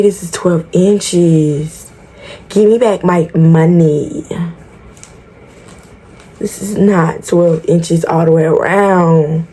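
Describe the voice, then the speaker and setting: A woman's voice: low voice, dark tone, a little hiss or hum. A woman vlogging a tutorial in casual chat, talking straight to her viewers, frank, exasperated and swearing freely. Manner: chatty, talks straight to viewers. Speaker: beauty vlogger.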